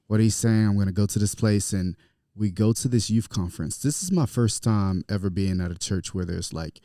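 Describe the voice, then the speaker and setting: A male pastor from Florida in casual podcast chat, telling a story in a relaxed way with lots of fillers. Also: lowish voice, moderate pace, no room sound, studio quality.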